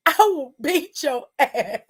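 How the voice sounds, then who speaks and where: Woman host, high voice, slow delivery, exasperated and laughing between lines. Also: very animated. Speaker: show host. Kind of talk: casual reaction commentary.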